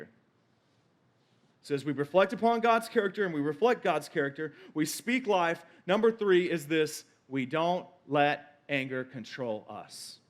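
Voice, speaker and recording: A man pastor preaching a sermon, quoting scripture and repeating key points for emphasis. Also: fairly high pitch.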